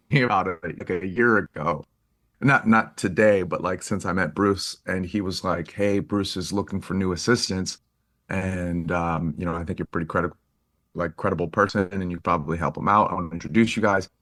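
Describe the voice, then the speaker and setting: A photographer appearing as a guest on a podcast, this man tells stories in a casual interview, lively and animated. He acts out quoted speech and laughs often, and he sits low.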